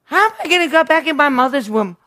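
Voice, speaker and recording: A woman's voice: high voice, animated, fast talker, sharp tone. A woman preaching a sermon, emphatic and repeating words for stress.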